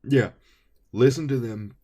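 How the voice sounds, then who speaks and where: A man's voice: mid-range voice, measured pace, mellow. A young man co-hosting a casual podcast, swearing freely and acting out his own phone calls as he tells a story. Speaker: podcast co-host.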